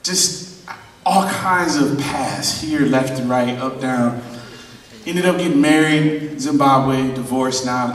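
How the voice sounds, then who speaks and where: A man in his thirties telling his life story to a live audience at a drum clinic, animated and laughing often. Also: fairly high pitch, recorded from a distance. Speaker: drummer giving a clinic talk. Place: large hall at a drum event. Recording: echoey hall, voice from afar.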